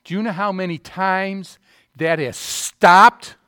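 A middle-aged man preaching a sermon as pastor, swinging from loud emphatic bursts to quieter asides and light teasing. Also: high voice, steady tone, slow, clear, resonant tone, no echo, clean studio sound.

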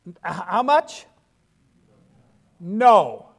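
A man's voice: high voice, big pitch swings, very slow, creaky, slightly rough. A middle-aged man preaching a sermon in a folksy way, dropping frequent amens to the congregation. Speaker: pastor.

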